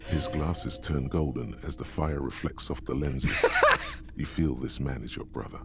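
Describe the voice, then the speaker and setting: Grave, deep-voiced game narrator. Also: male voice, gravelly, exaggerated voice. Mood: solemn. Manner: slow, weighty, poetic delivery. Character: solemn older male game narrator, grave and knowing. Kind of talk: scripted dramatic narration.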